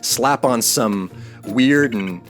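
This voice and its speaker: A man's voice: mid-range voice, very slow. A man from the United States chatting casually while playing a video game, rambling and hesitant. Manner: rambling, hesitant with many fillers. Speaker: video game channel co-host. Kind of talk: casual gaming chat. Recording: faint music in the background.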